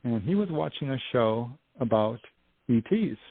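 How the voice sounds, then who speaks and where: A man as an interview guest telling a story in a casual, animated way, acting out what people said, over a dry phone line. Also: mid-range voice, unhurried, slightly rough, no room sound. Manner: animated storyteller, acts out quotes. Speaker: guest, UFO investigator and author.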